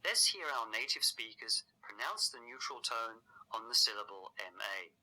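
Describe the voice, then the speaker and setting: A male language teacher narrates a scripted lesson in a measured, explanatory way. His very bright, ringing voice swoops in pitch as he covers each point, and the recording is rough.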